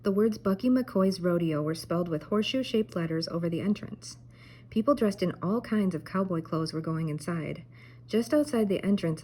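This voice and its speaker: Older woman, teacher reading a kids' book aloud, low and mellow, gentle pace. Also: a little hiss or hum, rough recording. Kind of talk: children's book read-aloud.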